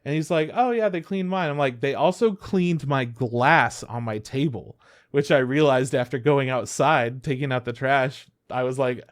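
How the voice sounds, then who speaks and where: He's a young adult podcast co-host with a medium-pitched voice and a moderate pace. In casual conversation he tells stories animatedly, acts out quotes, and swears freely.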